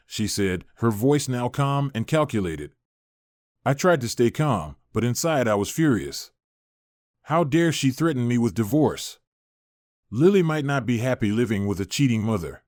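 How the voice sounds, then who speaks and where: A man narrating a first-person story in a steady, expressive reading. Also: medium pitch, unhurried, no room sound, clean studio sound.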